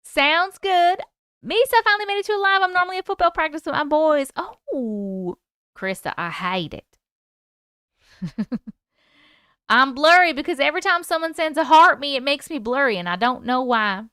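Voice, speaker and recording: This livestream host has a high-sitting, sharp-toned voice with lively intonation at a normal speed. She chats casually, reading out comments from viewers and thanking them for their gifts, and the sound is dry and studio-clean.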